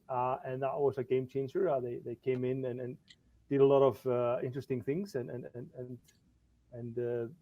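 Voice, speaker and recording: Halting Icelandic man on a muffled line. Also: medium pitch, no echo. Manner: halting, many restarts and repeated words. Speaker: podcast guest. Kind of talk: casual podcast chat.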